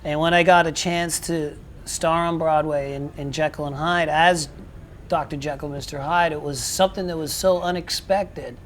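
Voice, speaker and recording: Animated, swearing male rock singer. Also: a little high, normal speed, slight background noise. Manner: animated, swearing, rambling storytelling with restarts. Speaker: rock singer, interview guest. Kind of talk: casual interview.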